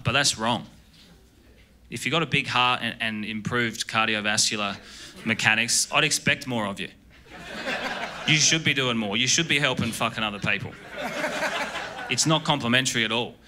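An Australian man doing a stand-up comedy set in a club, rambling and deadpan, often breaking off mid-sentence. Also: mid-range voice, brisk, long pauses. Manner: rambling, deadpan, self-interrupting. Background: audience laughter.

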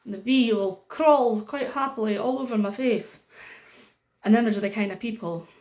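A Scottish woman telling a story to young children, animated and sing-song, with pauses and chatty asides. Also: on the high side. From Scotland.

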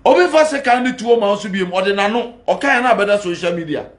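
A man's voice: high voice, animated, fast talker, echoey room. A man with a Ghanaian accent, a pastor giving a heated, defiant rant and switching between Twi and Pidgin English.

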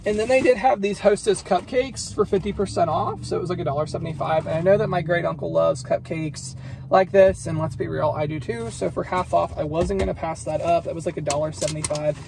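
Brief: upbeat American man, vlogger, high voice, faint hiss behind. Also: brisk, gravelly. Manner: chatty, enthusiastic about deals. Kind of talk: casual chat. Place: car and store.

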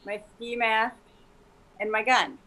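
A woman performing improvised comedy, answering quickly and agreeably with frequent giggles. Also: a little high, steady tone, pushed and bright.

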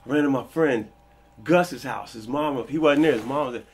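Man, 40s, interview guest: raspy, gravelly storyteller who acts out the people in his tales. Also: mid-range voice, brisk. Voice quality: gravelly, husky. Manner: animated, acts out quoted people with a raised voice.

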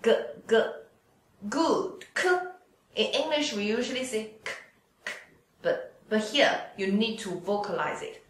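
High-voiced woman teaching slowly in an echoey room. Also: animated, a little hiss or hum. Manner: patient, drawn-out demonstration of sounds. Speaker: Chinese language teacher. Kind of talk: slow pinyin lesson with drills.

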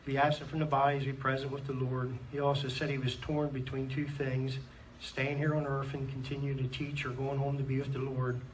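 A man's voice: medium pitch, monotone, fairly quick, few pauses. A man preaching a sermon in a church, earnestly reading scripture aloud and punctuating points with amens, with a Pennsylvania American accent. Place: church hall. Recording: distant mic in a church with faint room noise.

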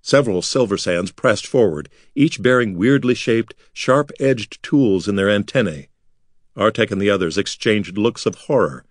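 A man reading a fantasy novel aloud as an expressive audiobook narrator. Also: on the low side, moderate pace, no echo, studio quality. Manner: lively, expressive storytelling.

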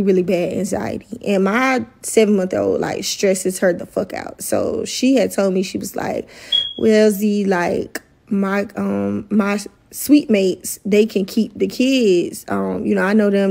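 A woman's voice: mid-range voice, gravelly, mellow. A young woman telling a story in a heated, profane, casual rant. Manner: heated, profane, fast-rising outrage. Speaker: storyteller in a viral clip.

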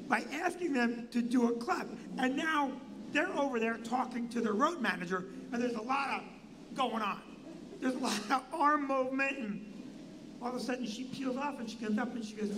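Older man telling a story, high voice. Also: normal speed. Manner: animated, does voices of people in his story. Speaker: comedy club owner and host. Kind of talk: comic storytelling. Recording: noisy live-stream audio.

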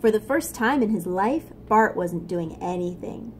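A woman reading a picture book aloud to young children, gently stopping to explain things. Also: mid-range voice, expressive, measured pace, slight background noise. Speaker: storyteller for children.

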